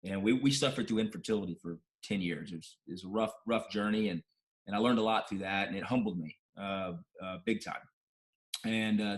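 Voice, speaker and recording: A man, a guest in an interview, telling a personal story in a heartfelt, emotional way, with many restarts. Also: lowish voice.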